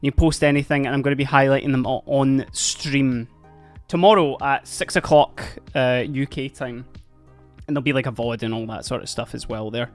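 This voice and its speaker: A man's voice: medium pitch, fairly even intonation, moderate pace, soft background music. A Scottish man hosting a casual livestream, chatty and upbeat, thanking viewers as he reads the chat. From Scotland. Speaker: livestream host.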